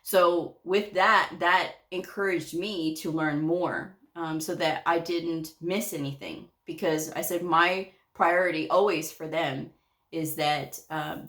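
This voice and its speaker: A middle-aged woman with a fairly low voice tells work stories in a relaxed storytime vlog. She is chatty, laughs easily, and acts out bits of dialogue as she goes. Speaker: medical coder.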